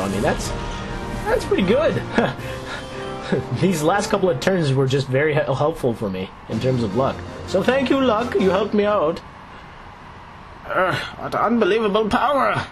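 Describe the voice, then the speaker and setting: A man casually commenting on his own video game play, chatty and excitable, laughing often. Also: fairly high pitch. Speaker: Let's Play host. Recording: game music playing underneath. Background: video game music.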